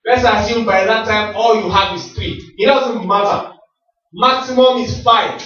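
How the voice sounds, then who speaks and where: A man with a high voice gives a motivational rally talk. He preaches in rhythmic questions that he answers himself. He sounds distant in a very echoey hall, and the sound is muffled. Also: steady tone, a little slow, pushed and bright. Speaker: motivational speaker at a business rally.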